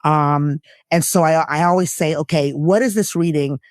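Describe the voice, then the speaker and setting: A woman guest, an actress and lifestyle coach, speaking earnestly and reflectively in a candid conversation, her voice jumping up when she laughs or gets excited. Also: moderate pace, dry recording, clean studio sound. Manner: earnest and reflective, with bursts of laughter and pitch jumps.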